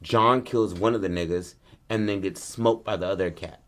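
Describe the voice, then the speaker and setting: A man's voice: low voice, moderate pace. Man retelling a story in street slang. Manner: animated, profane street slang. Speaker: podcast host. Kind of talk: casual storytelling, retelling a film plot.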